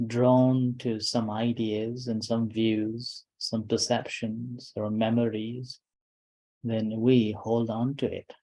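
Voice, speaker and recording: Speaking slowly in short, pause-filled phrases, a male meditation teacher gives a calm dharma talk. His voice is soft, mellow, and medium in pitch, and the recording quality is low.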